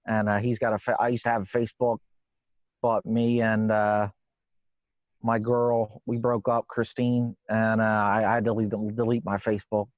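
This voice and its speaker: A man's voice: lowish voice, little pitch movement, moderate pace, no room sound, natural voice. A man playing a nervous, rambling working-class guy, stammering and swearing casually in a comedy interview. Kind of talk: improvised comedy character interview. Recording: dull lo-fi dry sound.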